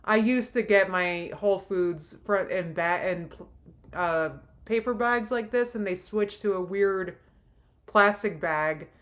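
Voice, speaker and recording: A woman's voice: mid-range voice, takes it slowly. A woman streaming a live reaction, talking in an exasperated, mocking way and breaking off to laugh. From New Jersey.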